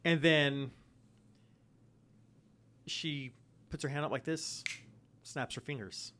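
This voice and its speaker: A man's voice: on the high side, steady tone, takes it slowly, background noise. A man narrating as the game master of a tabletop role-playing game, telling the story loosely and casually.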